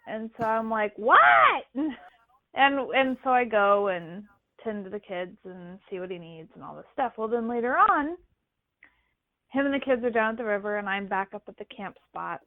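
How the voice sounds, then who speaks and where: A woman's voice: mid-range voice, normal speed, no room sound. A woman co-hosting a podcast, telling a campfire-style personal story in casual chat and acting out the voices she quotes. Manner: animated, acts out quoted voices. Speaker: podcast co-host. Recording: dry, phone-like line.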